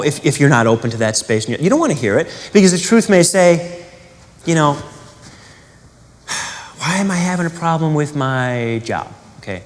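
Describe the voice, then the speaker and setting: Man, spiritual teacher, conversational teaching, animated rising and falling voice, long reverb. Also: medium pitch. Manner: animated, conversational, asks rhetorical questions and acts out quotes.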